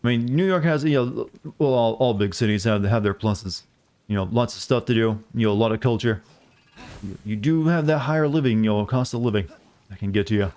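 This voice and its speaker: A man's voice: lowish voice, brisk, darkish tone. A man chatting casually while streaming a game, rambling and joking at his own expense, full of fillers and restarts. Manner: rambling, self-deprecating joker with many fillers and restarts. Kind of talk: casual live-stream chat while playing.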